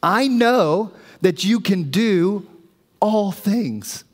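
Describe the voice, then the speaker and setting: A man voicing Job, humbled and slowly confessing to God. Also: high-pitched, lively intonation, pitched above the performer's own voice, heavily acted. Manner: slow, earnest, humbled confession. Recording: long reverb of a church hall.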